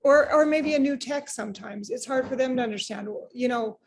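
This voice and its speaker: A woman business owner chatting in an interview, animated, acting out what people said, with frequent restarts. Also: sits high, a little fast, gravelly, slight background noise. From United States. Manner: animated, acts out quoted remarks, frequent restarts. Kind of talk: casual interview conversation.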